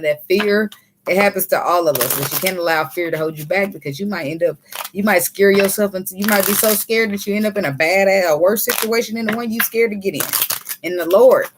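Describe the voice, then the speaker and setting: A woman giving a casual tarot reading, blunt and preachy, swearing freely. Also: fairly low pitch. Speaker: tarot reader. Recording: faint background noise.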